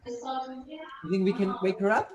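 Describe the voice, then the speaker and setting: A man's voice: extremely high pitch, a little slow, muffled recording, noisy background. A man leading a children's music session, telling a playful story and asking the kids questions. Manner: animated, question-and-answer with kids.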